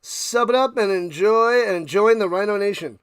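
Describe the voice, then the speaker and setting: A man streaming live play-by-play of a football game, chatting casually with viewers and getting loud on big plays, with a tickle in his throat. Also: high voice, smooth, no room sound, clean studio sound. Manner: thanks chat viewers by name between game calls; rises loud and fast calling big plays. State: clearing his throat and coughing.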